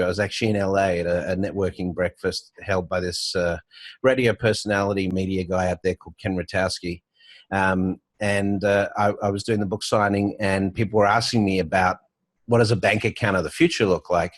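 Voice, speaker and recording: Low-voiced man with a soft Australian accent. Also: no echo. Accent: Australian, softened. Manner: storytelling, with frequent fillers and restarts. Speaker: guest, banking entrepreneur. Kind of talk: casual conversational interview. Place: home office with artwork on the wall.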